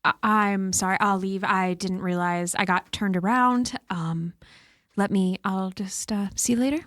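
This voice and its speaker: A woman's voice: medium pitch, fairly even intonation, measured pace, a bit bright, dry recording, studio quality, lightly acted. A woman voicing a nervous adventurer who stammers apologies. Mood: flustered. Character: nervous young adventurer caught snooping.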